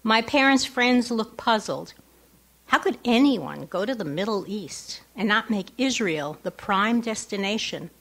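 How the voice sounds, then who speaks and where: A woman's voice: medium pitch, expressive, a little slow, fairly bright tone. Middle-aged woman author, wry live reading of her own essay, asides to the crowd. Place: lecture hall before an audience.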